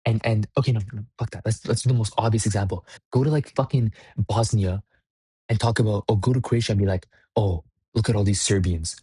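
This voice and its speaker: A man's voice: fairly low pitch, dark tone, breathy edge, dry recording, studio quality. A young man vlogging in a blunt, profane, rambling rant. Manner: blunt, swearing, rambling with restarts. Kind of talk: profane ranting monologue.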